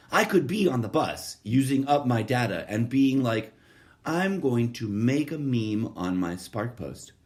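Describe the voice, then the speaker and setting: A man hosting a solo podcast, talking in a profane, sardonic, rambling monologue that keeps wandering off topic. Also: on the low side. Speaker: podcast host.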